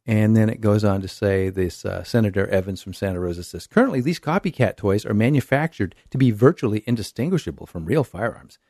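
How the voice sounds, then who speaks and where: A man's voice: medium pitch, a little mellow, no room sound. Male host, dry close mic, wry news reader with sarcastic asides. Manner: wry, reads quotes then comments sarcastically. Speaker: podcast host. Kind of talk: casual talk, reading news aloud.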